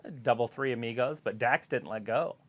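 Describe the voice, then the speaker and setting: A man's voice: mid-range voice, a little fast. A man co-hosting a wrestling watch-along, giving laid-back, dry, wisecracking commentary. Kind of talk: casual wrestling commentary and chat.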